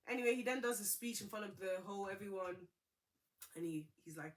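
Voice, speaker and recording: A young woman hosting a casual reality TV recap, chatty and gossipy with expressive reactions. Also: mid-range voice, a little fast, slight background noise. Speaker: host.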